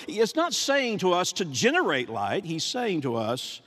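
High-voiced preaching man in a reverberant hall. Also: very animated, moderate pace, fairly bright tone. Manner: emphatic preaching with repetitions and dramatic drops to near whisper. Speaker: pastor. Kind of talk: sermon.

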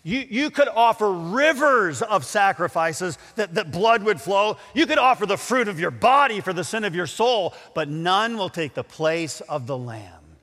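High, lively-voiced man preaching in a hall. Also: unhurried, hardly any pauses. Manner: impassioned, dramatic preaching with stammered restarts. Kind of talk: sermon.

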